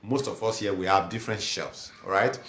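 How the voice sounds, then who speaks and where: A man teaching a language lesson, who says each word slowly, repeats it for learners to copy and reads out viewers' comments. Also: on the low side, a bit bright, echoey room, slight background noise.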